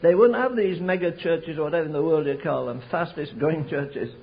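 An older man preaching a sermon, telling stories slowly and rising to fervent pleas. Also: on the high side, gravelly. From England. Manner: storytelling with slow emphatic stretches, rising to fervent pleas. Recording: muffled lo-fi sermon recording.

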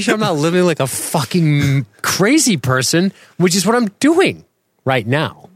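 Male co-host, animated pitch, loose rambling delivery, swears and laughs a lot. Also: unhurried. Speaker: podcast co-host. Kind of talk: loose drunken podcast banter.

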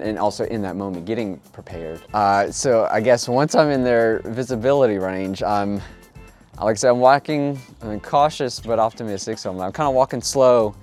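A man's voice: on the low side, darkish tone. A man in a casual podcast chat, talking in a reflective, hesitant way with a devout tone. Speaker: podcast guest.

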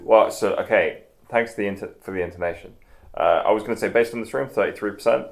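Gravelly, low male co-host, teasing and crude. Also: fast talker. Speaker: podcast co-host. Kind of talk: casual chat.

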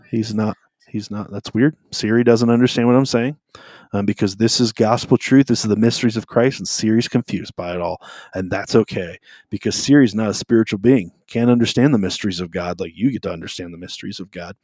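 A man with a fairly low voice talks through a faith podcast in a loose, easygoing way. He rambles a little and leans on filler words as he goes. His voice sounds dry and close, with almost no room in it. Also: no echo. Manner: relaxed, rambling, many "um" fillers. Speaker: podcast co-host. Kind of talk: casual faith podcast talk. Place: at home on a video call.

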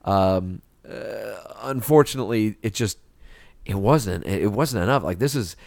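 A man's voice: fairly low pitch, vocal fry, darkish tone, no echo. Dry-voiced casual male podcast co-host. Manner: measured, opinionated, hesitant fillers. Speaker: podcast co-host reviewing films. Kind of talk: casual chat.

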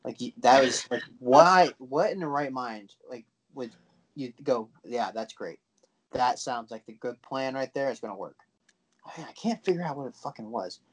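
A man's voice: medium pitch, expressive, normal speed, husky, poor audio. A man co-hosting a podcast in loose, casual banter, swearing easily. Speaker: podcast co-host. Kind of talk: casual chat.

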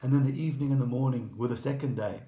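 A man's voice: mid-range voice, fairly even intonation, fast talker, mellow, echoey room. A man preaching a sermon as pastor, earnest and conversational, often restarting his phrases.

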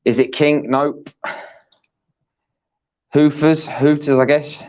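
A man co-hosting a casual live-stream chat, halting and tripping over his words as he reads names out. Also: on the high side, little pitch movement, a little mellow. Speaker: co-host. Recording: dull lo-fi stream audio.

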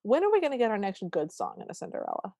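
Speaking rapid-fire in a creaky, mid-range voice, a woman co-hosting a podcast recaps a film casually and acts out the characters' lines with animated storytelling. There's no echo.

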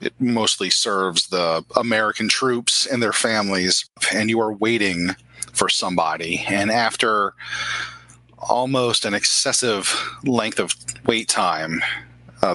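A man's voice: lowish voice, measured pace, pushed and bright, dry recording, rough recording. A man narrating as game master of a tabletop role-playing game, descriptive with casual fillers.

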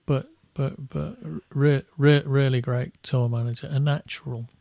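Man, middle-aged, from England, gravelly voice, dry room, rambling anecdotes. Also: medium pitch, steady tone, a little slow, warm tone, no room sound. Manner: rambling storyteller with restarts, laughing at his own stories. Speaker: band musician guest. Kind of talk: casual anecdotal chat.

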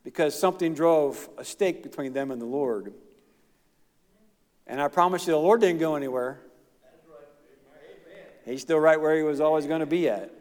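Middle-aged male pastor, folksy sermon, slightly high voice, long church reverb. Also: moderate pace, pauses often, darkish tone. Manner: folksy, plain-spoken preaching with asides and chuckles.

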